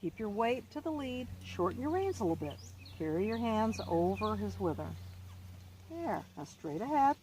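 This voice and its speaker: Calm encouraging woman coaching outdoors. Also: medium pitch, moderate pace, a little hiss or hum. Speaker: riding instructor. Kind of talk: outdoor riding lesson coaching. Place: outdoor riding arena.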